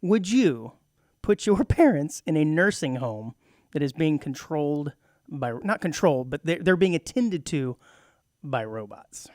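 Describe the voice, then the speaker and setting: Laughing, lively male radio co-host. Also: on the high side, unhurried, no echo, clean studio sound. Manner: animated, laughs often, acts out quoted voices. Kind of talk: casual radio chat.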